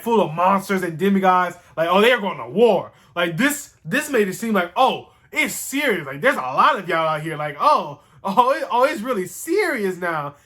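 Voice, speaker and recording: A man with a notably high voice for his sex rambles through a casual recap. He sounds animated and excitable and swears freely as he talks. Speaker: show host reviewing a TV series.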